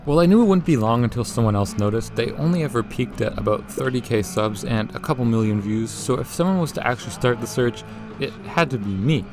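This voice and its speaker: Young male vlogger, scripted jokey narration, average pitch, light music bed. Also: a little fast. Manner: jokey, lively, with swearing and laughs. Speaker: YouTuber.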